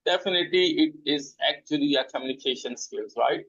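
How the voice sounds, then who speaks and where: A man hosting an interview, asking questions hesitantly with many pauses and fillers. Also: fairly high pitch, a bit bright. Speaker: interview host. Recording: dull lo-fi audio.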